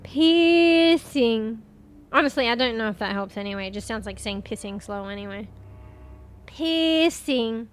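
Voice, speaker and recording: A woman's voice: mid-range voice, fairly even intonation, quick pace, hardly any pauses, fairly bright tone. A young Australian woman chatting casually with her stream chat while gaming, swearing freely and offhand.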